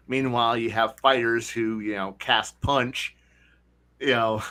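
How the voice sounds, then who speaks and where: A male podcast host chats casually about tabletop games, animated and quick to slip into voices for the players. His mid-range voice holds a steady, sharp tone.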